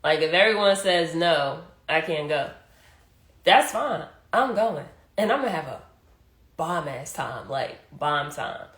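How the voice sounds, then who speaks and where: A woman's voice: sits low, lively intonation, a little slow, a bit bright. A young adult woman hosting a casual motivational talk, chatty and emphatic, full of "hey" and "like". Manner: conversational, repeats "hey" and "like", emphatic. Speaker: podcast host. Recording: roomy echo.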